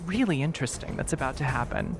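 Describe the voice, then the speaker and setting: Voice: medium pitch, animated, fast, music in the background. A player in a tabletop game, speaking in a dry, matter-of-fact way. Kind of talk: casual tabletop play.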